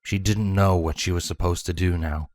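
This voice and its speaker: Man, very deep voice, measured dramatic story narration, dry close sound. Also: fairly even intonation, a little mellow, dry recording. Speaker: fanfiction reader.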